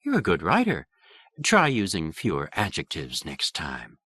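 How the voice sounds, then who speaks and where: A man's voice: deep voice, huge pitch swings, unhurried, sharp tone, slightly rough, dry recording, pitched below the performer's own voice, full character voice. A man voicing a prim Boston dinosaur lady. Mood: poised. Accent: Boston aristocrat. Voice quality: carefully shaped syllables. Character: cultured female dinosaur, dry and blunt.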